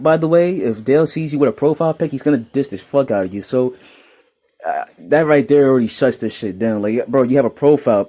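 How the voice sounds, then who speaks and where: A young man from New York reading and mocking comments in a casual, laughing commentary. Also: mid-range voice. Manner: laughing, mocking, animated rants.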